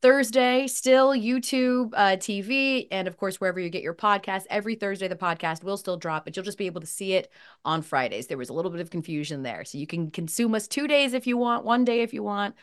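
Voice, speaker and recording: A woman hosting a podcast, telling stories in a lively, animated way with acted-out quotes. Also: medium pitch, fairly quick, smooth. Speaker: podcast host. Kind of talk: casual chat.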